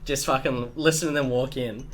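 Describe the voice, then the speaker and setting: A man's voice: medium pitch, fairly even intonation, brisk. A young Australian man co-hosting a podcast, joking crudely and laughing often in casual chat. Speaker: podcast co-host.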